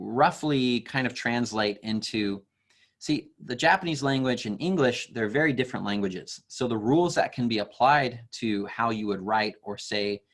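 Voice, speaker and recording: A young man teaching an online class for kids, explaining slowly and patiently with fillers. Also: medium pitch, fairly bright tone.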